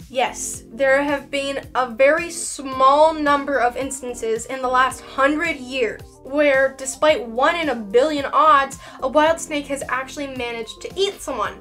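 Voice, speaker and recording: High-voiced, playful woman. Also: a little slow, soft background music. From Canada. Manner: lively, playful and sarcastic, with dramatic emphasis. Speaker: reptile educator and channel host. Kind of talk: educational video explaining science.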